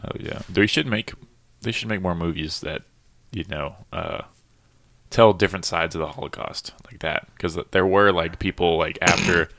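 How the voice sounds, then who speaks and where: A laid-back man in casual podcast talk. His voice is very deep and gravelly, with a sharp, bright edge, and the sound is dry and close. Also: moderate pace, no room sound. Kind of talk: casual chat.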